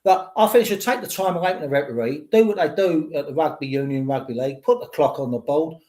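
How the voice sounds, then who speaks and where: A man's voice: a little high, fast, darkish tone. An older man, a podcast host giving rambling, opinionated football talk. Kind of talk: casual football chat.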